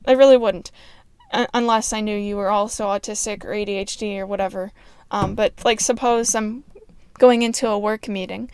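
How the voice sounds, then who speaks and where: A woman podcaster talking in a casual solo monologue, with naturally flat intonation and an earnest, explanatory way of speaking. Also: mid-range voice, brisk, clear, resonant tone, dry recording.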